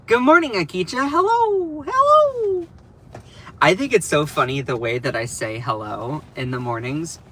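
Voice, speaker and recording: Bright, chatty young man livestreaming. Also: medium pitch, animated, moderate pace, few pauses. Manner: chatty, rambling, self-deprecating, with laughs and restarts. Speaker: livestream host. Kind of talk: casual livestream commentary. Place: at home over breakfast.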